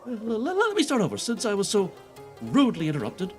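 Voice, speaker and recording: Man voicing a boastful impostor storyteller, pompous, high and lively, game fan voice-over. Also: fairly quick, soft background music. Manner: grandiose, showy storytelling.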